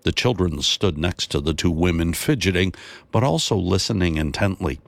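Man narrating a Bible story, very low voice, dry close recording, steady pace. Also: moderate pace, gravelly, no room sound.

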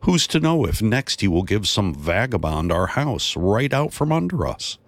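A man reading a Bible story aloud, raising his voice to play an anxious, exasperated wife who complains quickly and fretfully. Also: fairly low pitch, very animated, no echo, voice pushed up. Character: anxious, exasperated wife of a wealthy tax collector.

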